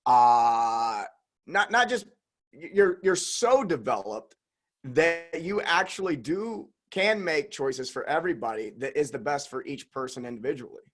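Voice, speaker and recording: An easygoing male podcast host with a light Southern drawl talks slowly and calmly. He works his thoughts out aloud as he goes and often backs up to restart a phrase. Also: mid-range voice. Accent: slight Southern drawl. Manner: relaxed, pleasant, thinks aloud with many restarts. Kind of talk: casual conversational interview.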